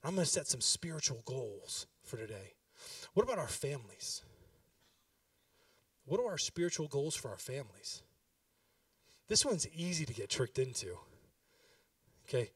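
A man's voice: mid-range voice, very animated, normal speed, long pauses, dry recording, far from the mic. A pastor in his thirties giving a sermon, talking with the congregation and building to emphatic exhortation.

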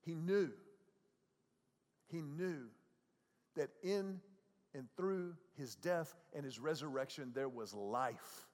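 A man preaching a sermon as a pastor. He talks in a conversational way, often repeats words, and swings between soft, quiet passages and loud, raised ones. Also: fairly high pitch, takes it slowly, pauses often, long reverb tail.

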